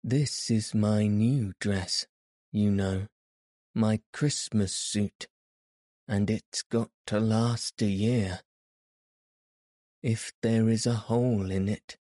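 A man's voice: fairly low pitch, dark tone, dry recording. A man voicing a small, proud and touchy male elf in a storybook reading, with a dry voice. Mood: fretful.

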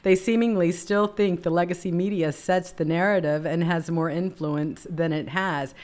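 A woman with a notably low speaking voice hosts a political talk show. She talks emphatically, dropping into quiet, low murmurs and then leaping up into bright exclamations. Her chat stays casual and animated. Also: moderate pace.

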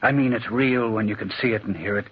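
An actor playing a frightened railway telegraph operator who pleads and breaks into hysterical screams, in 1940s radio-drama style on a dull, lo-fi old recording. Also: male voice, fairly low pitch, fast talker, breathy edge. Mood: pleading. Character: terrified male railway telegraph operator haunted by a ghost.

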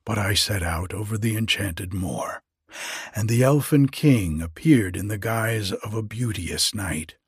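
Brief: a man reading a grizzled old goblin in a storybook, slow and pleading, very breathy low voice. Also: no room sound, clean studio sound, exaggerated voice. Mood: mournful. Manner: archaic, pleading storybook speech.

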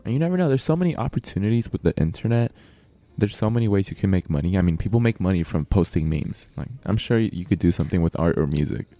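Very deep-voiced Californian man hosting. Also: quick pace, no room sound, soft background music. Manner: relaxed, fills speech with "like". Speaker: podcast host. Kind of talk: casual chat.

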